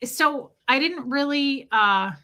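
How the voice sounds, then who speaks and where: Bright-voiced woman streaming, chatty and blunt. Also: sits high, lively intonation, slow. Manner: chatty, blunt, swears freely. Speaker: live-stream host. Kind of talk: casual storytelling to a live chat. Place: at home.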